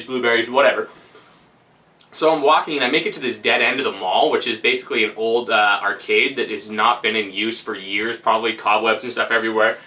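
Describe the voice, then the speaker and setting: A man's voice: medium pitch, bright, forceful tone, recorded from a distance. A man casually telling a story, rambling and laughing, with lots of fillers. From Canada. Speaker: vlogger.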